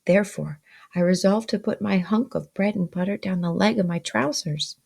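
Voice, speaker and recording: A woman's voice: medium pitch, moderate pace, creaky, a little mellow, breathy edge. A woman teacher reading a novel aloud and stopping to explain vocabulary, with frequent ums.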